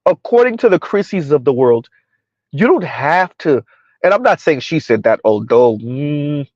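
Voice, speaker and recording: A man's voice: a little high, big pitch swings, a little slow, a little mellow, no echo, muffled recording. A man hosting a casual commentary stream, arguing in rhetorical questions, throwing in "right?" and "huh?", and answering viewer chat. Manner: rhetorical, repeats "who would have ever thought" and "right? huh?"; talks about himself in third person. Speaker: commentary host.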